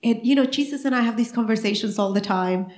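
A middle-aged woman preaches to her congregation, slipping into playful back-and-forth dialogue as she tells her stories. Her voice sits a little high and carries through a roomy church sanctuary that rings with echo. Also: fast. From Mexican heritage. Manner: animated storytelling, acting out dialogue. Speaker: pastor. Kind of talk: sermon. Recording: echoey church room.

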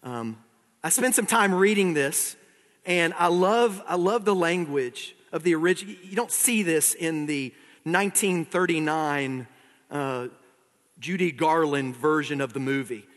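A male pastor preaching in a relaxed, conversational way, stopping to read long passages aloud. His voice sits a little high for a man. It rings with the long reverb of a large church sanctuary. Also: unhurried. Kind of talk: sermon.

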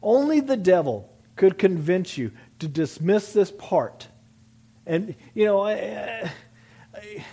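A man's voice: high-pitched, very animated, a little slow, mellow, breathy edge. A man preaching a sermon, reading scripture aloud and telling stories about his young sons in an earnest, conversational way. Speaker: pastor.

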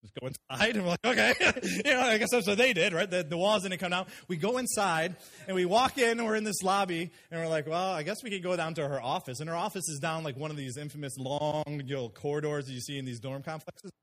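Brief: man in middle age, pastor, lively storytelling sermon, high voice. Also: quick pace, hardly any pauses. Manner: animated, acts out quoted people.

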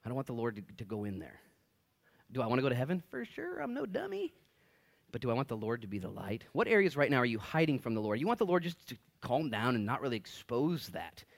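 Pastor, male, casual and animated sermon, pitch swings wide. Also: quick pace, few pauses. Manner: animated preaching, acting out voices of listeners and Jesus. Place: church.

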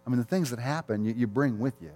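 A middle-aged man preaches as a pastor, talking fast in a medium-pitched, warm voice. His sermon feels candid and conversational, full of personal stories and regular chuckles. It is recorded with a large hall's long reverb.

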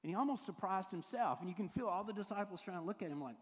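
A male pastor with a high, expressive voice talks fast, giving a conversational sermon told like a story and full of acted-out quoted voices. The recording carries hall reverb.

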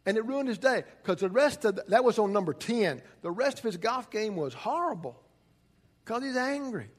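A pastor preaches in a loose, conversational way, telling stories and restarting his sentences. His voice sits a little higher than most men's. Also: very animated, normal speed. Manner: conversational storytelling with frequent restarts. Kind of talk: sermon.

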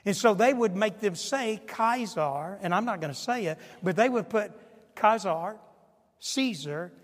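A pastor in his sixties preaching a sermon, swinging from hushed asides to shouted emphasis. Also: high-pitched, expressive, a little slow. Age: 60s. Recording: long hall reverb.

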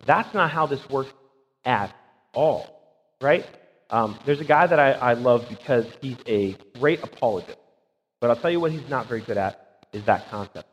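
A man's voice: medium pitch, expressive, normal speed, husky. A man preaching a conversational sermon as pastor, emphatic and often checking in with a rhetorical "right?". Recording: dull sound with long hall reverb.

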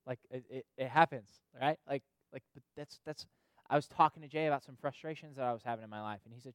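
A man's voice: medium pitch, quick pace, clean tone, dry recording. A man preaching a sermon in a conversational way, often asking "right?" and repeating himself for emphasis. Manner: conversational preaching, frequent "right?" tag questions and repetitions. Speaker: pastor or youth leader.

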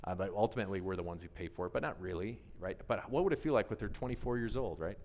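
A man preaching a conversational sermon, animated and always asking his listeners questions. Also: on the low side, quick pace, a little hiss or hum. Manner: animated, asks the audience questions, often adds "right?". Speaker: pastor. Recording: long reverb of a large hall.

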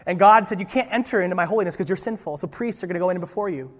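A man's voice: high-pitched, racing, in a large hall. A man preaching as pastor, reading scripture and breaking into playful, conversational asides. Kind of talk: sermon.

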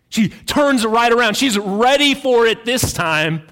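High-voiced pastor preaching in a reverberant hall. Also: male voice, expressive, a little slow, hardly any pauses, a bit bright. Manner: conversational storytelling with fillers. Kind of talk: sermon.

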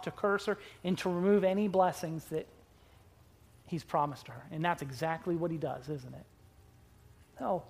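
A preacher delivering a sermon to a congregation. The delivery is emphatic, with drawn-out words and sudden loud bursts, and it is broken up by playful asides. The voice sits at a middling pitch. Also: lively intonation, vocal fry. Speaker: pastor.

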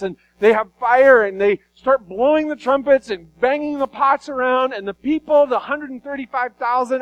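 A man preaching a sermon, retelling Bible stories in an animated, conversational way. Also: very high voice, no room sound, poor audio. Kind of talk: sermon storytelling.

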